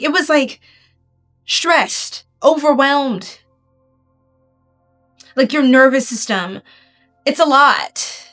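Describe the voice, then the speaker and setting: A woman's voice: high voice, a bit bright. A woman reading tarot for her viewers in a casual, rambling way, full of fillers and asking "right?" as she goes. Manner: addresses viewers directly. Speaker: tarot reader.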